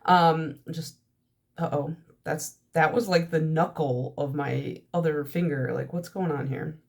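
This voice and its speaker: A woman's voice: low-pitched, fairly even intonation, measured pace, gravelly, a little mellow. Chatty nasal young woman. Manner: chatty stream-of-consciousness talk. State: stuffy nose, nasal from allergies. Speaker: nail polish vlogger. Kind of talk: rambling casual chat.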